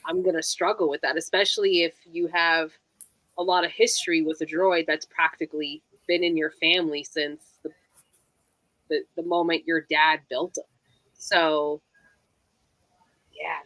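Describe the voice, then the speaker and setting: A woman co-hosting a casual fan podcast, speaking thoughtfully and pausing to search for words. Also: sits low, a bit bright, dry recording, low-quality recording. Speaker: podcast co-host.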